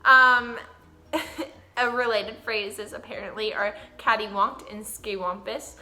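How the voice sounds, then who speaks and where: A woman's voice: medium pitch, fairly even intonation, takes it slowly, bright, forceful tone. A young woman, chatting casually and giggling as she acts out little quotes. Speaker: vlog co-host. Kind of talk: casual chat.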